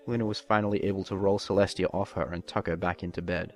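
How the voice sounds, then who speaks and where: A man's voice: low voice, level tone, fast, hardly any pauses, faint music behind. A man reading a fan fiction story aloud as narrator. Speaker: story reader.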